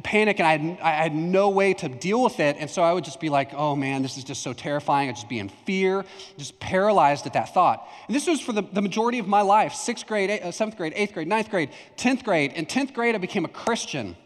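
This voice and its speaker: A man's voice: high voice, lively intonation, a little fast. A young adult male pastor from Texas preaching a conversational sermon, telling a personal story and acting out remembered lines. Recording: long hall reverb.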